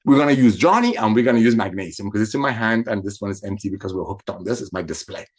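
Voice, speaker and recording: A man's voice: fairly low pitch, animated, fast. A man coaching network marketing, acting out phone calls and repeating key phrases for emphasis. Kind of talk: coaching talk with role-played phone calls.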